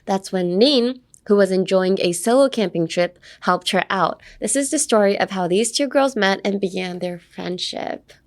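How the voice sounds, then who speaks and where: A woman's voice: medium pitch, normal speed, hardly any pauses. A young woman hosting a casual English lesson podcast, explaining phrases in a chatty, playful way full of fillers, switching at times into Japanese. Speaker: English teacher host.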